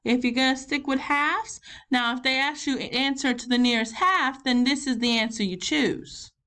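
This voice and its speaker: A woman's voice: high-pitched, normal speed, bright, forceful tone. A woman with a Southern US accent, playing a chatty grandmother who fills in as teacher, talking students through a math lesson step by step. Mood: patient. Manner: folksy, encouraging, talks students through each step.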